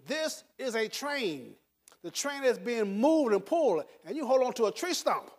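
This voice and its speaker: High-voiced, emphatic older man speaker. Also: big pitch swings, moderate pace. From United States. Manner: emphatic, repeats words, chuckles through stories. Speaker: motivational speaker. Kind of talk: motivational talk to an audience.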